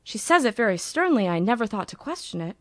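A woman voicing a sharp-tongued, insecure young bride with a cutting, haughty delivery, pitched above her own voice. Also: sing-song, fast talker, no echo, studio quality. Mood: haughty, wounded.

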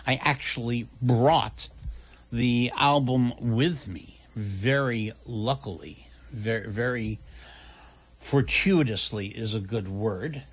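A man's voice: medium pitch, slow pace, breathy edge. A man hosting a radio show, chatty and prone to correcting himself mid-sentence. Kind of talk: casual radio talk.

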